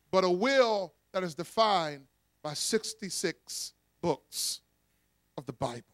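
A man preaching, leading the congregation to repeat lines after him. His voice sits high and he tells stories with animated energy and laughter. The sound is dry and close. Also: no echo. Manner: call-and-response preaching, animated storytelling with laughs. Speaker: pastor. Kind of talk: sermon.

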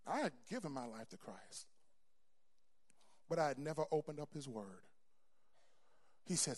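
A man with a notably high voice preaches to a congregation. He stumbles over repeated words, then surges into loud, emphatic lines. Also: big pitch swings, measured pace, pauses often. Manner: stammering repeats, building to loud emphatic peaks. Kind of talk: sermon. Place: church before a congregation.

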